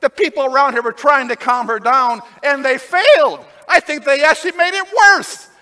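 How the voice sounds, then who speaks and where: A man preaching a sermon, telling a personal story with lively swings between excited, loud passages and hushed, tender ones. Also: extremely high pitch, normal speed. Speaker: pastor.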